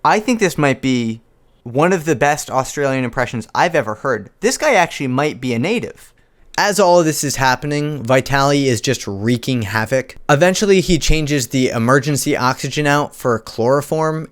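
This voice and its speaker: A man's voice: mid-range voice, lively intonation, moderate pace. A man hosting a comedic video commentary, sarcastic and incredulous. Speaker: commentary youtuber.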